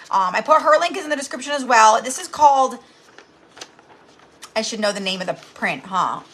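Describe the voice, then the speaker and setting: A woman's voice: high voice, fairly bright tone. A woman in her thirties hosting a live craft tutorial from home, chatty and bubbly, greeting viewers by name as she talks. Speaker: craft channel host.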